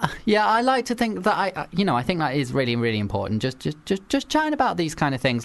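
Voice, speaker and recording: A woman's voice: sits low, big pitch swings, fast, few pauses. A woman hosting a casual podcast chat, giggly and rambling, often repeating words. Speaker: podcast host.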